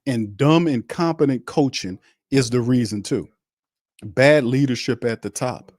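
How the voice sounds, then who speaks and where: Hosting a sports show on a live watch stream, a man rants with fiery bluntness, repeating his arguments and adding mocking asides aimed at the other side. His voice sits in the mid-range, a little slow and a little mellow. The sound is dry and studio-clean.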